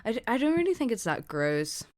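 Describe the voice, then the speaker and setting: A woman's voice: on the high side, big pitch swings, a little fast, no room sound, clean studio sound. A woman co-hosting a podcast in casual chat, rambling with lots of fillers and laughing often as she tells stories. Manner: giggly, laughs often mid-story. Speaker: podcast co-host.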